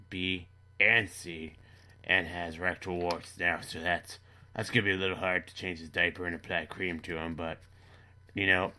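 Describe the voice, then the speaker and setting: A man delivering a rambling, matter-of-fact comedy monologue with halting restarts. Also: deep voice, bright, forceful tone. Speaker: comedy character monologue host. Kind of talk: deadpan dark comedy monologue.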